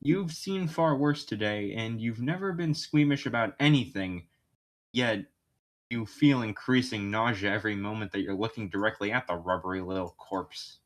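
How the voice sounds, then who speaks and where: A man's voice: fairly low pitch, moderate pace. A man streaming, reading second-person narration aloud with joking asides, his voice slightly worn.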